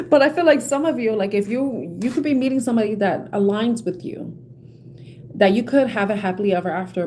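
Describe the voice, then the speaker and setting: A woman's voice: on the high side, a little mellow, a little hiss or hum. A woman giving a casual tarot reading to her viewers, chatty and laughing often, with many "you know"s. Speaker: tarot reader.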